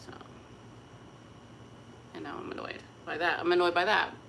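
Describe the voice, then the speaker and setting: A woman chatting casually to camera at home, expressive and open about her feelings. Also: on the low side, moderate pace, creaky, a little hiss or hum. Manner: chatty and emotionally expressive, breaks into gospel singing. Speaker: vlogger.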